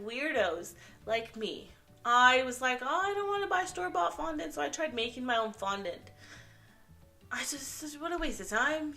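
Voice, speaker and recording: Canadian woman with a partly British-tinged accent, young vlogger, crisp bright tone, slightly high voice, chatty and self-mocking. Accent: Canadian with some British English mixed in. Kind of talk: casual chat to camera.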